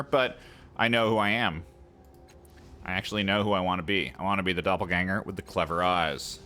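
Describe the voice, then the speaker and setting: A man's voice: low voice, fairly quick, bright, forceful tone, a little hiss or hum. A man hosting a let's play, reading the game's text aloud and breaking off for playful, chatty asides to his viewers.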